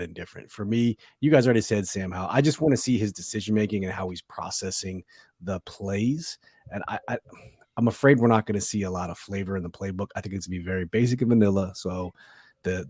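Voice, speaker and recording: A man hosts a football podcast in a relaxed, conversational way. His voice sits a little low and sounds dry and close, and he backs up his co-host before turning to the chat. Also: no room sound. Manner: affirming, reads out chat names. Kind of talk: casual sports talk.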